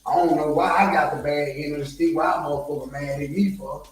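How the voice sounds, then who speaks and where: A man's voice: on the high side, steady tone, fast talker, far from the mic. A man with a Southern US accent ranting on a live stream, profane and heated, repeating himself as he goes. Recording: echoey room, from off mic, faint music.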